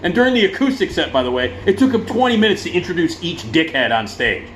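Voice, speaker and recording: A man giving a casual vlog rant, profane and sarcastic, in an animated ranting manner. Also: a little high, fast, slight background noise. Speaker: vlogger.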